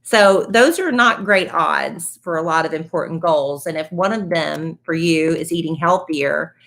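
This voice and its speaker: A woman's voice: sits low, unhurried, vocal fry, fairly bright tone. Chatty, laughing woman podcast co-host. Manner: chatty, laughs often, jokey. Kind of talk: casual chat and host-read ad.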